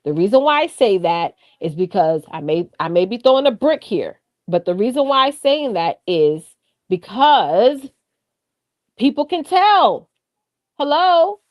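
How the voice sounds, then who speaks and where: A woman co-hosting a live stream, coaching viewers in a chatty, animated way, laughing often and talking straight to the chat. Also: fairly low pitch, moderate pace, hardly any pauses. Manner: drifts off track, repeats key points for emphasis. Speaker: live-stream co-host on branding and AI.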